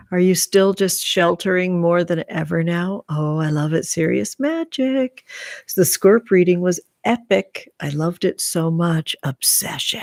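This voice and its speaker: A woman hosting a tarot live stream in casual chat, affectionately calling viewers honey and sweetie and sometimes dropping to a soft whisper. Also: lowish voice, vocal fry, no room sound, clean studio sound. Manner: drops into soft whispers while reading comments.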